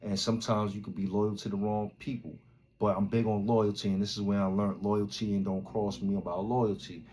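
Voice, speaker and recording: A man from Brooklyn, hosting a podcast and telling a story in a casual, slang-heavy way, acting out loud quotes as he goes. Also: on the low side, level tone, a little fast. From Brooklyn, New York. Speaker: podcast host.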